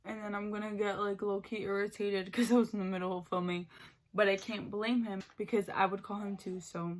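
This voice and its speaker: With a flat delivery at a fairly quick pace, a young woman speaks in a medium pitch. As a beauty vlogger applying makeup, she rambles and chats about her boyfriend, her speech stuffed with "like."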